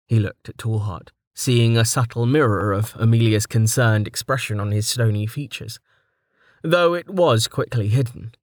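A man narrating a fantasy web novel as an audiobook in a steady storytelling manner. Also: mid-range voice, moderate pace, no room sound, studio quality. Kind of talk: scripted narration.

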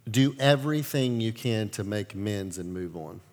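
A male pastor preaching a sermon, telling stories with lively acted-out quotes. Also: fairly low pitch, normal speed, long reverb tail. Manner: animated storytelling, acts out quotes.

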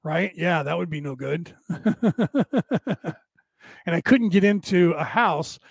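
A man's voice: high-pitched, expressive, slow, creaky, slightly rough, no room sound. Rambling man, tired voice, dry sound. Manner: rambling, chuckling, searching for words. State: tiring, strained voice. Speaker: livestream host and minister. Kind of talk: casual livestream chat answering viewers.

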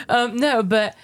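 A woman in her thirties, a podcast co-host, telling a story with lively acted-out quotes and frequent laughs. She is recovering from an illness. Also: high-pitched, no echo, studio quality. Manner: animated storytelling, quick to laugh. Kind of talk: casual chat.

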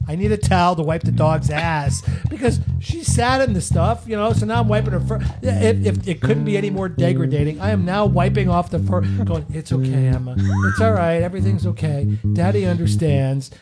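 A man's voice: high voice, brisk, few pauses, over loud music. A man co-hosting a casual chat, who keeps laughing as he tells a funny story. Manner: laughs often while telling a story.

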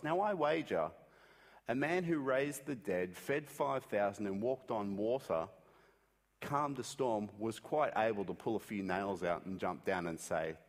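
A man preaching a sermon in a conversational way, acting out quotes with wide swings in pitch. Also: a little slow, in a large hall.

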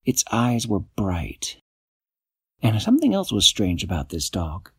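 Animated man telling a bedtime story. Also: fairly low pitch, measured pace, slightly rough, dry recording. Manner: animated, playful.

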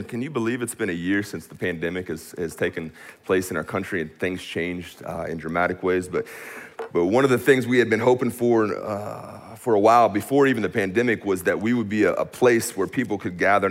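A man with a somewhat low voice delivers a sermon to his congregation in a church room. He preaches with energy and a casual, friendly way of talking, dropping in "man" often. When he gets fired up, his words come quickly. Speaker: pastor.

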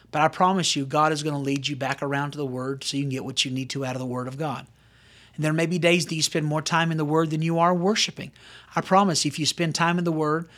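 A middle-aged man preaching in a fairly high voice. He talks to his listeners in an earnest, conversational way and keeps climbing into emphatic bursts. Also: a bit bright. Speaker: pastor. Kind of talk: sermon.

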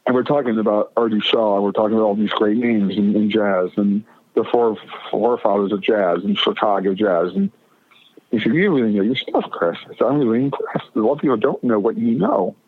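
A man's voice: fairly low pitch, fairly quick, no echo. A middle-aged man rambles through a long story, stumbling over restarts and acting out what people said. His voice comes down a thin, tinny phone line into a dry, close sound. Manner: rambling, stammering restarts, animated retelling of quotes. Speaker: guest. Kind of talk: casual storytelling.

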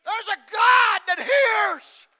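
A male preacher delivering an impassioned sermon, his voice pitched very high and cutting. He moves from near-whispered, intimate passages to full shouting. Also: very slow, a faint crowd. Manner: impassioned, swings from hushed to shouting.

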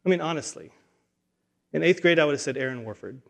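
A man's voice: on the high side, lively intonation, fast talker, creaky. A man preaching a sermon in a casual, conversational way, often repeating words and acting out the dialogue he retells. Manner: conversational, repeats words and restarts, acts out dialogue in quoted voices. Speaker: pastor.

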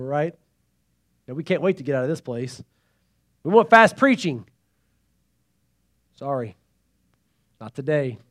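A man preaching a sermon in a church, emphatic and calling out to the congregation, moving between loud pleading and hushed asides. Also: high voice. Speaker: pastor. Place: church sanctuary.

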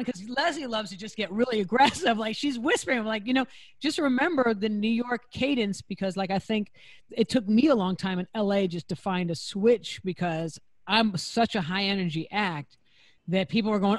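A woman's voice: medium pitch, moderate pace, no echo. A woman hosting a comedy talk show, rambling through her thoughts in casual chat. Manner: rambling, restarts thoughts often. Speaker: host.

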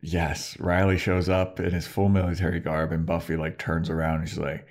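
A man's voice: extremely low pitch, level tone, brisk, hardly any pauses. A man co-hosting a podcast, recapping an episode in loose, slangy storytelling with swearing. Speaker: podcast co-host. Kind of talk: casual episode recap chat.

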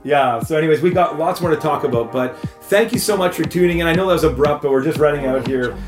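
A man co-hosting a podcast in a casual chat, telling stories with lively acted-out quotes. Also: a little high, fast talker, roomy sound, over music. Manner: animated storyteller, acts out quoted voices. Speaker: podcast co-host.

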